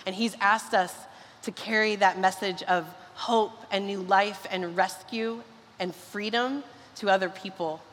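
A woman's voice: medium pitch, steady tone, a bit bright, a little hiss or hum. A woman pastor preaching a sermon and leading a prayer, earnest and fervent. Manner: earnest, fervent, with quick bursts. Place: large church hall. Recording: long reverb of a church hall.

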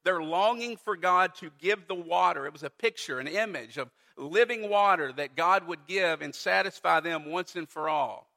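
Bright-voiced man preaching emphatically. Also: high-pitched, gravelly, in a large hall. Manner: emphatic preaching with dramatic pauses. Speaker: pastor. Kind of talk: sermon.

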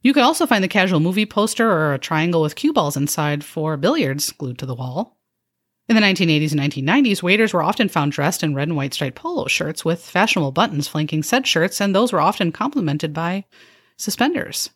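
A woman's voice: on the low side, big pitch swings, brisk, no echo. A woman hosting a podcast, giving scripted narration with dry, wry asides. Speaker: podcast host.

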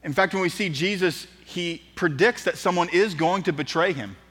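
A man's voice: high voice, normal speed, slightly rough. A man preaching a sermon, telling the story vividly and acting out the quotes in an auditorium. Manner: lively storytelling, acts out quotes. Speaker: pastor. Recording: long reverb in an auditorium.

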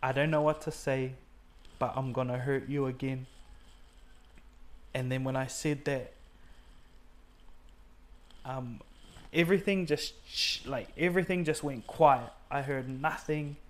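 A man's voice: medium pitch, fairly even intonation, measured pace, long pauses. A man, earnestly telling a personal faith story in conversation and acting out the words people said. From New Zealand. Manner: earnest, acts out his own and others' quoted words, many fillers. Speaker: guest sharing a faith testimony.

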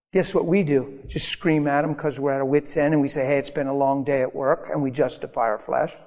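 A male pastor delivers an animated sermon, slipping into different voices to act out little everyday scenes. His voice sits a bit high for a man. The sound hangs in a long, reverberant church hall.

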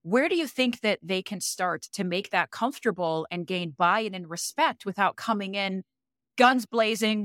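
A woman's voice: mid-range voice, lively intonation, moderate pace, a bit bright. A woman hosting a leadership podcast with a mid-range voice. She talks earnestly and reflectively, and her sound is close and dry with no room echo. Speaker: podcast host. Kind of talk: podcast conversation.

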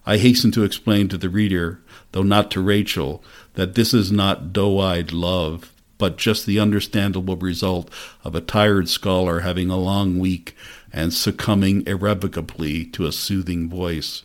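A man giving measured, reflective first-person narration of a novel for an audiobook. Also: low-pitched, fairly even intonation.

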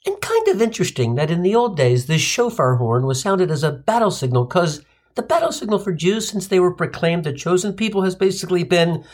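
A man's voice: sits high, very animated, brisk. A man telling a comic monologue, wisecracking and sardonic, sprinkling in Yiddish. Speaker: comedic storyteller.

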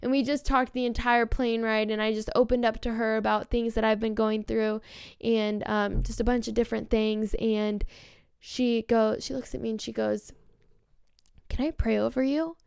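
A young woman hosting her own podcast, telling stories in a chatty, earnest, excited way with lots of "like". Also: on the high side, normal speed, creaky, clear, resonant tone, no room sound, studio quality. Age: young adult. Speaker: podcast host. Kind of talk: casual storytelling monologue.

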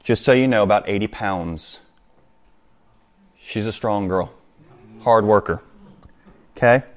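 This pastor, whose voice is on the low side, takes his sermon slowly. He reads scripture to the congregation and explains it while addressing his listeners directly.

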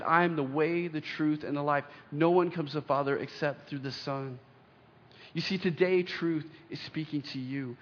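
A young man preaches with earnest weight, leaning into pauses as he reads scripture aloud. His voice sits a little high for a man. The recording is dull and lo-fi, and each phrase trails off into the long reverb of a big hall. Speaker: pastor. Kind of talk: sermon.

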